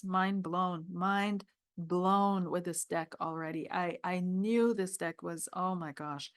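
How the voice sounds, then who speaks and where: A woman's voice: fairly low pitch, fairly even intonation, takes it slowly, no echo, clean studio sound. A woman reviewing a tarot deck, reading scripture passages aloud and talking with emotional, tearful awe. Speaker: tarot reader.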